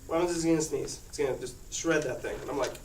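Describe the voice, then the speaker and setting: A man's voice: a little high, rapid-fire. A teenage boy telling a rambling personal story to his class, laughing often as he talks. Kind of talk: casual personal anecdote. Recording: echoey room, far-off mic, noisy.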